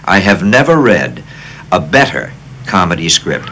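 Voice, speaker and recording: A man in his sixties from the United States, an actor guest telling stories in an animated, self-deprecating interview style. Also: low-pitched, unhurried, background noise. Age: 60s. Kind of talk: casual interview storytelling.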